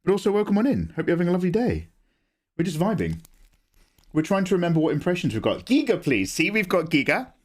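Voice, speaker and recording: A man's voice: high voice, wildly swooping pitch, quick pace, darkish tone. A young man streaming live, chatting and joking in a rambling way from his home setup. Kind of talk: casual live-stream chat.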